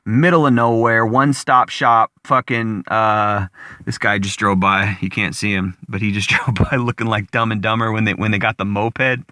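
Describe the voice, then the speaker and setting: A man from Washington State rambles through a casual monologue, full of fillers, restarts and cursing. His voice is bright and forward, and the sound is dry and close. He is talking outside, at a spot where traffic passes by. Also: lowish voice, flat delivery, normal speed, no room sound. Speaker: vlogger. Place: outdoors, in a spot with passing traffic.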